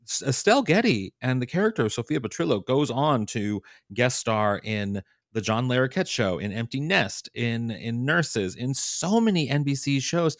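A man's voice: mid-range voice, dry recording, clean studio sound. A man co-hosting a podcast in casual chat, enthusiastic and playful, sometimes gushing. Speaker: podcast co-host.

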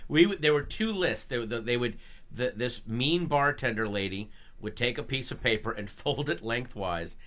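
Guest comedian, man in his 30s, forceful bright voice, laughs through his anecdotes on a studio talk show. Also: mid-range voice, moderate pace. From Virginia suburbs of Washington DC, USA. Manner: animated storyteller, laughs while talking. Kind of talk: casual radio talk-show chat. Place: radio studio.

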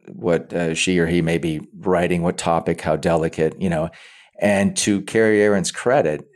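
Man, very low voice, halting, repeats words, casual interview talk. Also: darkish tone. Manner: halting, repeats words often while thinking aloud. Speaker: actor, interview guest.

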